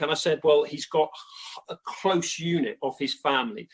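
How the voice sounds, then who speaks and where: A male sports journalist guest telling an animated anecdote and quoting others at length. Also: on the high side, moderate pace, breathy edge. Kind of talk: storytelling anecdote.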